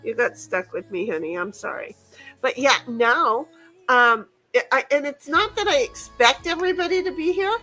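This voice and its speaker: A woman's voice: sits high, expressive, normal speed, sharp tone, soft background music, rough recording. A woman hosting a game stream in casual chat, rambling and playful, laughing and swearing freely. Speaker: streamer host.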